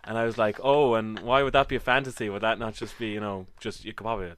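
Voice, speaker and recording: A man co-hosting a casual podcast, telling rambling stories with frequent laughs, his voice often dropping low and quiet. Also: wildly swooping pitch, a little fast, no room sound. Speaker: podcast co-host. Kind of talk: casual chat.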